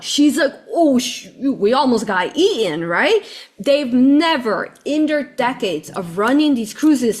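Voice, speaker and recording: A woman vlogger telling a travel story in an excited, chatty way, often laughing and calling her viewers "you all". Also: a little high. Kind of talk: animated storytelling vlog.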